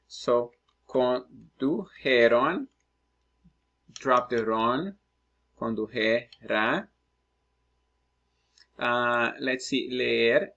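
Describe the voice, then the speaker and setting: A man teaching Spanish, working through practice exercises out loud and thinking aloud as he writes. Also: medium pitch. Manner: slow, patient, thinking aloud while writing. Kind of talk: screen-recorded lesson, working through exercises.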